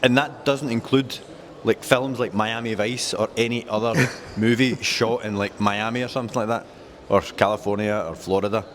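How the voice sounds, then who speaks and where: A man's voice: on the low side, fairly even intonation, normal speed, slight background noise. A man presenting cars at a dealership in casual, jokey chat, rattling off specs with enthusiasm. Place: car dealership.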